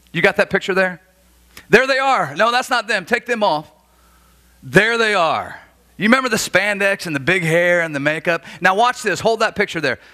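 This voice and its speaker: A man in his forties from Florida, preaching a sermon as a pastor and telling stories with animated, acted-out dialogue. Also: sits high. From Florida, USA. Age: 40s. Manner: animated storytelling, acts out dialogue. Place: church.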